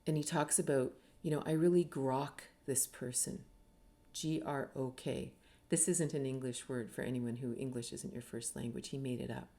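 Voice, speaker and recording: A woman's voice: rumbling low, fairly even intonation, normal speed, dark tone. A middle-aged woman from Canada, an author giving an earnest, reflective talk and briefly acting out the people she quotes. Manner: earnest, acts out quoted voices. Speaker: author and speaker.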